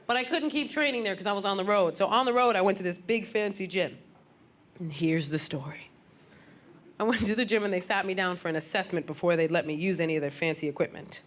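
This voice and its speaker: This fast-talking woman has a mid-range voice and works a comedy stage, delivering stand-up stories with punch and impersonating the people in them. Audience laughter and room noise come through on this live club set.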